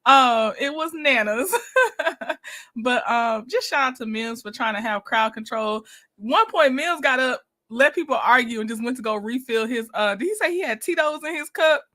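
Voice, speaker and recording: A woman with a high, bright voice hosts a casual livestream in a loose, chatty manner. She laughs often and greets her viewers warmly by name. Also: lively intonation, normal speed. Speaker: livestream host.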